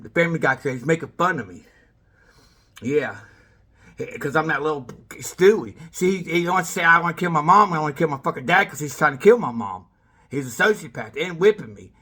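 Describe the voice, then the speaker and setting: A man's voice: on the high side, a bit bright, breathy edge. A man rambling in a monologue to camera, calling people out by name and trailing off mid-sentence.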